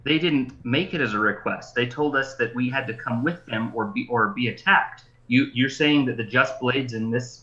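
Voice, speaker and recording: A man's voice: medium pitch, pushed and bright, lo-fi sound. A man playing a tabletop game, talking hesitantly with stumbling restarts. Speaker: player. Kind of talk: casual tabletop role-play.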